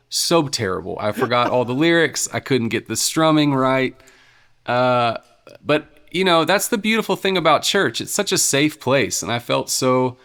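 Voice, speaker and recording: A man's voice: mid-range voice, a bit bright, clear, resonant tone. A man, a worship leader, telling his story as a podcast guest in an earnest, casual way with many "you know"s and restarts.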